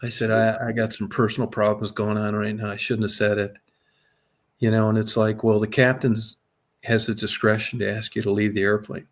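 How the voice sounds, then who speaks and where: A middle-aged man with a lowish voice tells a long personal story at a brisk clip, chatting casually, cursing a lot and bursting with animated energy.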